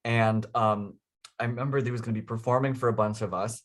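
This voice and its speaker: In a casual storytelling interview, a man enthusiastically recounts tales of his inventions, laughing often and filling his speech with ums and uhs. His voice is medium in pitch with fairly even intonation, and he talks briskly.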